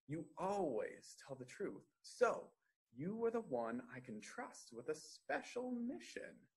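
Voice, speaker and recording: A man's voice: on the high side, very animated, slow, slightly rough, voice pushed up, exaggerated voice. A man voicing a crafty, boastful dragon who plots a trick, with a sly chuckling manner. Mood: scheming.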